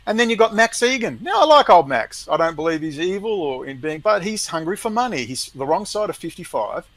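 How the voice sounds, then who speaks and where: Brief: emphatic male ranter, slightly high voice, scornful, heated chat. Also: very animated, a little fast, a bit bright, rough recording. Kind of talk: heated conversational rant.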